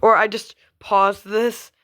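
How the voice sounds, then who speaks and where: A woman's voice: mid-range voice, little pitch movement, slow, a bit bright. A young woman talks casually to her camera as a gaming YouTuber. She rambles, giggles and teases, and often lets a thought trail off before jumping to the next.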